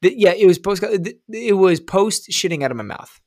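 A man telling a rambling, profane story in casual chat, acting out quotes loudly and excitedly. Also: high-pitched, fairly quick, no room sound, clean studio sound.

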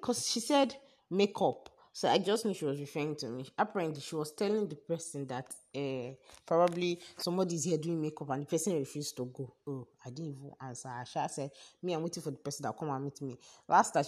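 A young woman with a Nigerian accent, speaking in a notably low, deep register. She tells her story casually and chattily, animated and a little exasperated, addressing her listeners directly as a podcast host. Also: a little fast, slightly rough.

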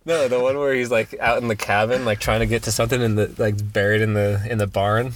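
Rambling lower-voiced male podcast host. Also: fairly even intonation, brisk. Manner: rambling, laughing, trailing off mid-sentence. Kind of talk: casual chat.

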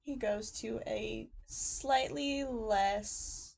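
A young woman with a fairly high voice co-hosts a casual podcast. She tells a crime story with sarcastic asides. She loudly acts out the people she quotes. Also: extremely slow, creaky, husky. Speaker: podcast co-host telling a true crime story.

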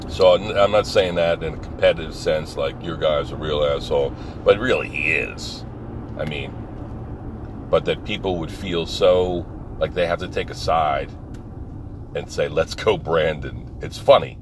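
A man with an extremely deep voice talks loosely to his viewers from a parked car. He rambles, swears freely and laughs often. Car and street noise is clearly audible behind him. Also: normal speed. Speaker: vlogger. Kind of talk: casual monologue.

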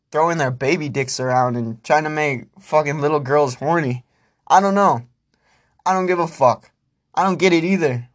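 Young man, podcast host, casual solo rant, profane, rambling. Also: a little high. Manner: profane, rambling, self-talking.

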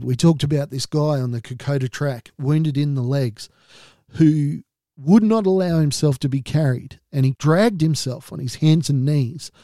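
In a personal podcast monologue, an Australian man talks openly and sincerely about what he's been through, with a touch of wryness. He has a mellow voice on the high side, recorded with clean studio sound and no room echo.

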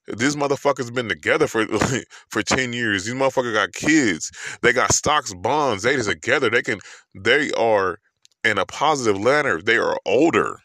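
A man's voice: medium pitch, sharp tone, no echo, studio quality. A man with a New York accent ranting about love in a profane, emphatic monologue full of rhetorical questions.

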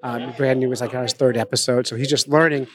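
A man's voice: medium pitch, fairly even intonation, quick pace, fairly bright tone. A man hosting a podcast live at a conference, chatting casually with jokey, self-mocking asides. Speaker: podcast host. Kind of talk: casual chat at a conference table. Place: conference venue.

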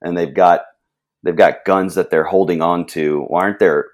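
A man's voice: sits low, steady tone, moderate pace. A man co-hosting a casual film podcast, hesitant and trailing off as he talks. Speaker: podcast co-host.

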